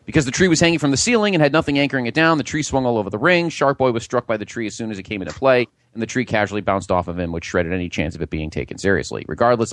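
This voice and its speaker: A man's voice: medium pitch, no room sound. A man hosting a comedy podcast, reading out wrestling history with dry sarcastic asides. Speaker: podcast host.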